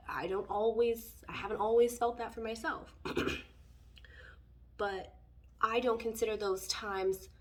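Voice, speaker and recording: A woman reads tarot casually and rambles as she goes, leaning on fillers. Her voice sits a little high for a woman. It is picked up from a distant mic. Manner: rambling, filler-heavy, conversational. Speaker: tarot reader.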